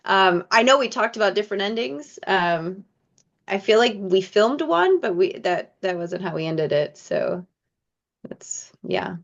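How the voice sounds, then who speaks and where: A woman actress from Michigan chatting in an interview, telling lively stories and acting out the lines of other people. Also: mid-range voice, a little slow, creaky. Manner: animated storyteller, acts out quoted dialogue. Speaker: actress guest. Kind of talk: casual interview chat. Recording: muffled lo-fi audio.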